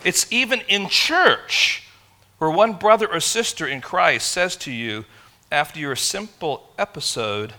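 A man from England, preaching a sermon in an animated, conversational storytelling way. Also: a little high, measured pace. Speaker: pastor.

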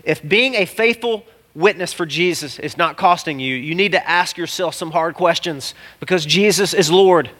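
A man delivers a sermon with a voice set somewhat high for a man. His tone is bright and forceful. He preaches in an animated way, shouting out one moment and dropping to a near hush the next. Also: normal speed, hardly any pauses. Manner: animated, exclamatory preaching that swings from loud to hushed. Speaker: pastor.

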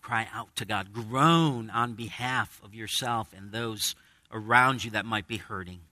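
A male pastor preaches to his congregation in a conversational way, acting out quoted voices as he teaches. His tone is very bright and ringing. The sound is dry and close. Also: on the low side, unhurried, no room sound. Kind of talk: sermon. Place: church with a congregation.

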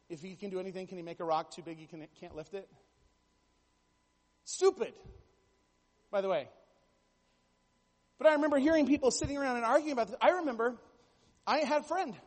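A man's voice: high voice, big-room sound. A man preaching a sermon, telling stories with jokey asides and building to emphatic bursts. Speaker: pastor.

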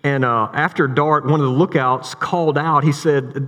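Pastor preaching in a reverberant hall. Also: male voice, fairly high pitch, normal speed. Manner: conversational, animated storytelling with repeated words. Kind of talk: sermon. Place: church sanctuary.

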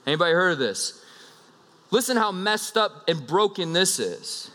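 A man in his thirties preaches with a bright, fairly high voice. He tells his story casually and with energy, slipping in asides. His voice rings in a reverberant hall. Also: very animated, moderate pace. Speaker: pastor. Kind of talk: sermon with a personal story.

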